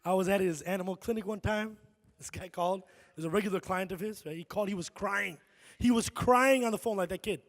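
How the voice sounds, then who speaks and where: A man from Chicago performing animated stand-up comedy on a concert hall stage, often tossing "right?" to the crowd. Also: sits high, fast talker. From Chicago, USA. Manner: animated storytelling, frequent "right?" asides.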